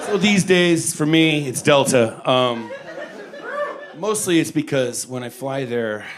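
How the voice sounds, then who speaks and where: Male stand-up, slightly high voice, mock-grand asides, audible crowd around him. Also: lively intonation, measured pace, long pauses. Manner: mock-pompous, puts on a grand haughty voice. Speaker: stand-up comedian. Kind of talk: stand-up observational comedy.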